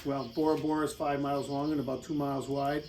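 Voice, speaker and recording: A man's voice: medium pitch, flat delivery, fast talker, a little mellow, slight background noise, poor audio. A middle-aged American man telling a rambling, casual travel story over slides, with lots of fillers and laughs. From United States.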